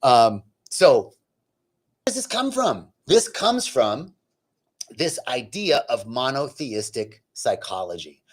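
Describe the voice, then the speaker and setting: A man's voice: mid-range voice, big pitch swings, slow. A man giving a spiritual talk, telling personal stories with self-deprecating humor and frequent conversational asides. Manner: conversational, lots of "right?" asides. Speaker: spiritual teacher.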